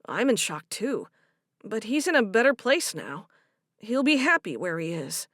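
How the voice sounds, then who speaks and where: A woman reading a gentle comforting husband. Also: mid-range voice, unhurried, no room sound, clean studio sound. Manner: soft, steady, reassuring. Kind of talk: audiobook character voice.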